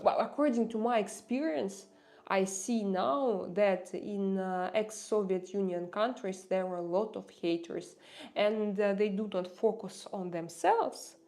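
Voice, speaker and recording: A woman whose first language is not English, hosting a casual livestream and answering viewer comments in an earnest, impassioned way, halting often with fillers and restarts. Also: medium pitch, mellow. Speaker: livestream host.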